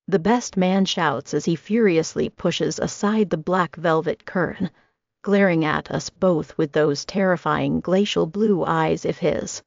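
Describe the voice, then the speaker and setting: A woman narrating a first-person audiobook with a steady, dramatic reading. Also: lowish voice, unhurried, gravelly, no room sound. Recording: dry, slightly muffled recording.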